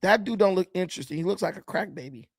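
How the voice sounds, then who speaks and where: A man's voice: sits high, lively intonation, fast talker, creaky, breathy edge, dry recording. Blunt, mocking male commentator, dry sound. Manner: blunt, combative and mocking, with sudden swings in loudness. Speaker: commentator reacting to video clips. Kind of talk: casual reaction commentary.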